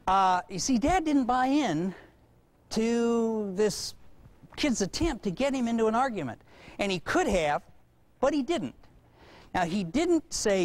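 Animated folksy male parenting speaker. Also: extremely high pitch, measured pace. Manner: folksy, animated storyteller who acts out voices. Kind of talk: lecture with anecdotes.

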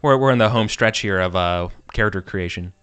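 A man's voice: fairly low pitch, fairly quick, fairly bright tone, clean tone. A man running character creation as game master of a tabletop game, casual and hesitant, with many fillers.

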